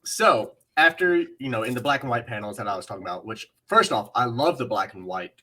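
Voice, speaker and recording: An eager man chats on a casual comic-book podcast, often repeating himself as he talks. His voice is bright and forceful at a middle pitch. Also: lively intonation. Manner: eager, fast-talking, repeats words. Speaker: podcast co-host.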